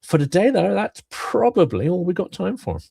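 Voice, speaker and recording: A man co-hosting a political talk show, measured and emphatic, his voice worn from talking. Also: sits high, sing-song, creaky, dark tone, breathy edge, dry recording. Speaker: co-host. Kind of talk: political commentary.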